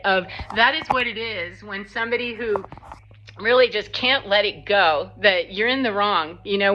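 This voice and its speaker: A woman telling a story in a casual, blunt, animated monologue that acts out what people said. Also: mid-range voice. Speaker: spiritual vlogger. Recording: slightly dull lo-fi sound.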